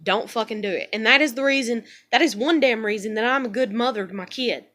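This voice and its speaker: A woman pours out her frustrations in a rambling, profane monologue from her bedroom at home. Her voice sits a little high and comes across bright and tense. She talks bluntly, swearing freely as she vents. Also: brisk. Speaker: vlogger. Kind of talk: emotional venting monologue.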